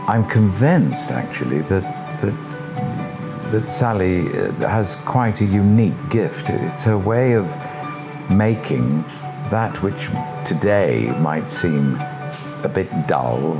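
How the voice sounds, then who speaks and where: A man giving reflective guest remarks, slow and deliberate, with long pauses. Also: low voice, animated. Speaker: guest actor. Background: guitar music.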